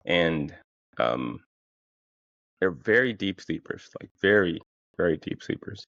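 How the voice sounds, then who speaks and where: Gravelly deep-voiced man, rambling. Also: lively intonation, takes it slowly, a bit bright, dry recording. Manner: rambling, profane, many fillers and restarts. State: tired. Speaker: podcast host. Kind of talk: casual comic storytelling. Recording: dull lo-fi, dry sound.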